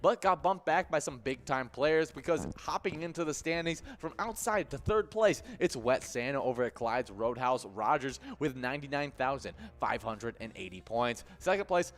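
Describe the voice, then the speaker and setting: A man's voice: mid-range voice, lively intonation, moderate pace, hardly any pauses. A man co-hosting a live game stream, reading out player standings with an upbeat announcer cadence and a lift on each place called. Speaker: livestream co-host.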